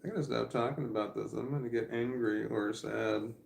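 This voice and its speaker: A man's voice: medium pitch, fairly even intonation, brisk, gravelly, darkish tone, roomy sound, slight background noise. A man in his forties chatting casually on a livestream, rambling and candid as he thinks aloud. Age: 40s. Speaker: streamer.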